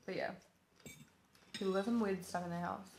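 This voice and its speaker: Woman podcast host, casual and animated, swears freely, mid pitch, echoey room. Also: normal speed, vocal fry, slight background noise. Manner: animated storyteller, swears freely, laughs often. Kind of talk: casual chat.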